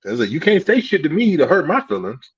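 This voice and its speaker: Podcast co-host, male, lively up-and-down storyteller, dry close sound, a bit dull and lo-fi. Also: on the high side, fast, husky, no room sound. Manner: animated storytelling, swearing, laughing at himself. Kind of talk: casual podcast chat.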